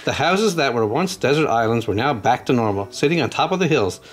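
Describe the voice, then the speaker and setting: A man's voice: medium pitch, lively intonation, brisk, background noise. A man casually unboxing toys and reading a children's storybook aloud, chatting to young viewers as he goes. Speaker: channel host.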